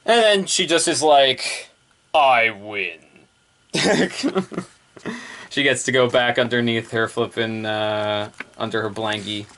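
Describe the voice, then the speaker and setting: A man's voice: mid-range voice, slow pace, a bit bright. A male reviewer talks through a book in a loose, offhand way. He rambles, laughs often and leans on repeated one-word fillers. The delivery is casual and unscripted.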